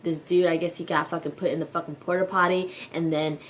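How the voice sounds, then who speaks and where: A woman's voice: low-pitched, flat delivery, fairly quick. A young woman ranting to her viewers in a vlog, swearing constantly and leaning on filler words, sounding exasperated. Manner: profane, exasperated, heavy use of filler words. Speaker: vlogger. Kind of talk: casual rant to camera.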